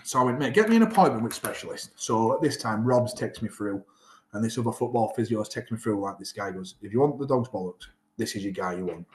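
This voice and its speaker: Yorkshire bloke telling a rugby injury yarn, acts out the voices, echoey room. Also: male voice, on the low side, fast, a little hiss or hum. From England. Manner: animated, acts out quoted dialogue. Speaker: rugby player guest. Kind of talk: casual storytelling interview. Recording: roomy echo.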